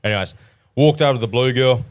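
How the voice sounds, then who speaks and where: A man's voice: mid-range voice, fast, clean tone, no echo. An Australian tradesman co-hosting a casual podcast, telling crude stories full of swearing. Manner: crude, swearing, animated storyteller. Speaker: podcast co-host.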